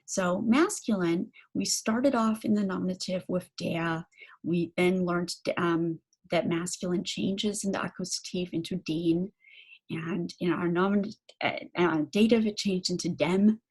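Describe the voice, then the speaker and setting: A woman lecturing on German grammar, saying German example phrases slowly and then giving them in English, with frequent ums. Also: on the low side, darkish tone, slightly rough. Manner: slow, deliberate explanations with frequent fillers. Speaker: German language instructor.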